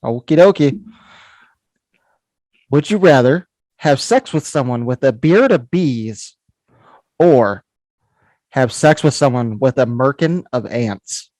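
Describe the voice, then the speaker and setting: A man's voice: mid-range voice, lively intonation, slow, long pauses, a little mellow, dry recording. A man co-hosting a comedy podcast, reading out crude would-you-rather questions in blunt, casual banter.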